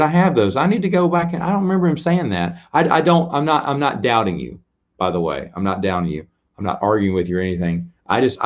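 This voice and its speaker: A man's voice: lowish voice, highs cut off. A man hosting a casual late-night live stream, chatting with viewers in a rambling, self-deprecating way and laughing often. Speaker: host answering viewers' questions.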